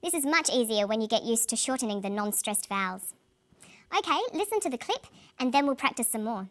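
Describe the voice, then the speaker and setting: A woman presenting an English pronunciation lesson in a clear, carefully paced scripted delivery. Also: a little high, lively intonation, brisk, fairly bright tone.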